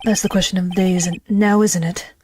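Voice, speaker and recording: A woman voicing a cool, self-assured male prosecutor in a courtroom game, speaking in measured tones. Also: on the low side, level tone, mellow, a little hiss or hum, lightly acted. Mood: confident.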